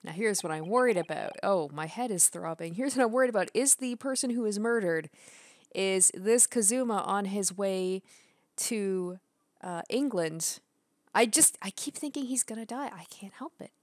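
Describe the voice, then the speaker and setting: A woman commentating casually on a video game as she plays, excitable and quick to swear. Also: mid-range voice, no echo, clean studio sound. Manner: excitable, swears and laughs while reacting. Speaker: let's play streamer. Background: faint game music.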